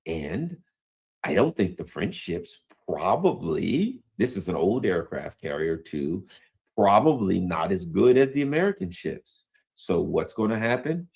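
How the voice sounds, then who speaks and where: Animated, slangy male commentator. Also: low voice, a little slow, gravelly, breathy edge. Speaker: news commentator. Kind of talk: casual news commentary.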